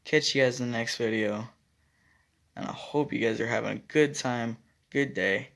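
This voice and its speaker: A man's voice: medium pitch, moderate pace, gravelly, a bit bright. A young man casually telling a school story to his viewers, rambling and correcting himself as he acts out what others said. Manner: rambling, self-correcting, acts out quoted lines. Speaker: vlogger.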